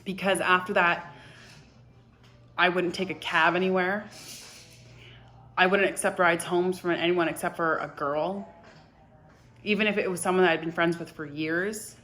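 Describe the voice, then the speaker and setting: Woman, 20s, confessional vlogger, halting and emotional, soft and hushed delivery. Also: lowish voice, steady tone. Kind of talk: personal confessional storytelling.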